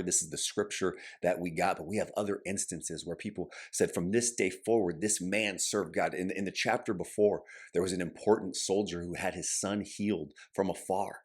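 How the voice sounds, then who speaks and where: A man preaching with a very low, husky voice that sits deep in his chest. He talks earnestly and directly to his listeners, and now and then he briefly takes on the voices of people he quotes. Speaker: pastor. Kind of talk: sermon.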